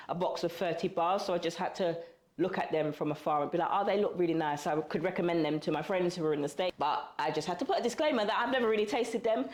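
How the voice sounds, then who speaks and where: A woman from the UK talking casually to camera in a cooking vlog, chatty and animated, calling viewers girl and baby. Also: fairly low pitch. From United Kingdom. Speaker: vlogger. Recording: roomy echo.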